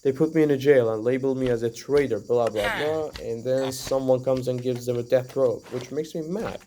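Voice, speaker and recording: A man's voice: medium pitch, normal speed, mellow, slight background noise. A young man from Iran giving a rambling, earnest opinion monologue to the camera, full of "like" and "you know". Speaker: vlogger.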